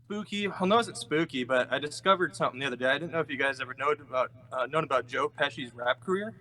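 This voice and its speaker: A man's voice: mid-range voice, quick pace, sharp tone, poor audio. A man calling in to a stream, chatting in a drowsy, offhand way. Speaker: caller. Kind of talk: casual call-in chat.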